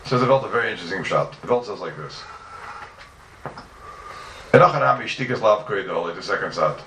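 A man's voice: lowish voice, expressive, fairly quick, sharp tone, reverberant, recorded from a distance, slight background noise. A man teaching a class on religious texts, emphatic and full of rhetorical questions.

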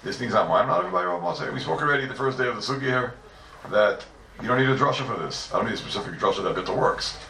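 A man gives a Talmud class, firing off rhetorical questions in a lively back-and-forth. His voice is low and gravelly yet bright and sharp at the edges. He sits well back from the mic in a roomy hall with faint background ambience. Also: fast talker, a little hiss or hum. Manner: animated, rhetorical questions, Yeshivish mix of Hebrew and Yiddish terms. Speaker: Talmud teacher. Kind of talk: Talmudic lecture. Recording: echoey room, distant mic, faint ambience.

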